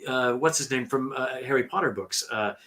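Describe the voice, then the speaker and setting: A man's voice: mid-range voice, normal speed, sharp tone. A man who narrates audiobooks, talking animatedly on a video call and restarting his sentences often. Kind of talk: casual conversation on a livestream.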